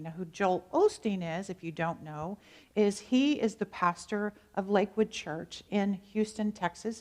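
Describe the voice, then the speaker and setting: An American woman minister giving a conversational sermon, telling stories and turning to the congregation with asides. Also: medium pitch.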